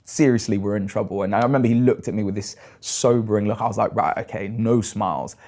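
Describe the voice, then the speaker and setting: Animated British man telling stories. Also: lowish voice, fast talker. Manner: animated storyteller, acts out quoted voices. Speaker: guest, long-distance swimmer. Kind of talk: casual storytelling interview.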